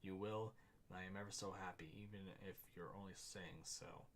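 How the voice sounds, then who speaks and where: A man's voice: low voice, steady tone, moderate pace, a bit bright, slight background noise. A man reading aloud the lines of a cold, scheming young female courtesan, in his own plain voice. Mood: sweet.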